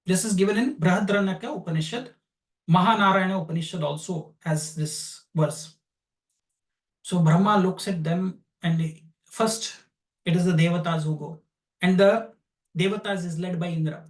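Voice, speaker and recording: A man's voice: high-pitched, normal speed, pauses often. A man teaching astrology who retells a scripture story as a lecture and explains each term as he goes. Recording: roomy, distant from the mic.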